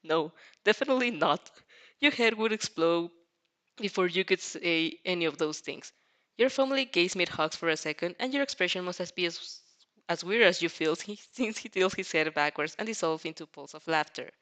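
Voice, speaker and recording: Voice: mid-range voice, normal speed, fairly bright tone. A fanfic reader narrating a story aloud in a casual way, often stumbling over words and breaking into laughter. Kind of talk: reading a fanfic aloud with reactions.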